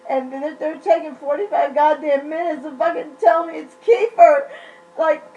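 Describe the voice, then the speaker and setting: A woman's voice: high-pitched, a little mellow, highs cut off, a little hiss or hum. A woman vlogging, unwell during a flare-up, venting in a blunt, profane, exasperated rant. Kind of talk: ranting vlog.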